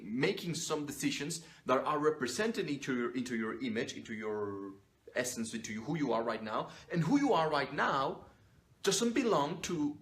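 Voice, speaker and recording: A man's voice: medium pitch, fairly bright tone. A young man coaching on personal image in a blunt, profane, emphatic monologue to camera.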